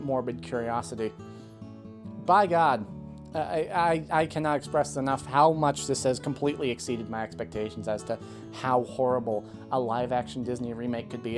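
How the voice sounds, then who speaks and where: A woman ranting in a video review, heated and exasperated, swearing freely and sighing between points. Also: extremely low pitch. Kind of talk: ranting commentary.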